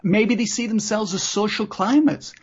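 A woman talks in a husky, slightly breathy voice, chatting loosely and rambling with lots of "you know"s. Her recording is dull and lo-fi. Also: mid-range voice, normal speed, a little mellow. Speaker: podcast co-host. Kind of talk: casual chat about reality TV. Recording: dull lo-fi podcast audio.

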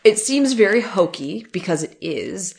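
A woman in casual podcast conversation. She talks in an animated, sarcastic way and slips into little impressions of the people she describes. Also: mid-range voice, creaky. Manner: animated, sarcastic, quick to act out quotes. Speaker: podcast co-host. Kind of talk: casual chat recapping wrestling.

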